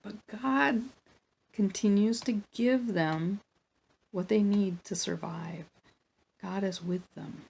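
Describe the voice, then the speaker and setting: A woman reading a children's Bible story aloud for a church, in a plain, gentle storytelling manner with small asides. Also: mid-range voice, slow pace, creaky, long pauses, husky.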